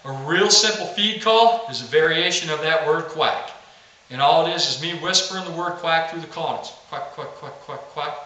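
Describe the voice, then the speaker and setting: A man's voice: on the high side, moderate pace, very echoey, distant mic, noisy background. A man teaching the basics of duck calling in a plain, practical instructional video. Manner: plain, practical teaching, saying quack aloud to demonstrate.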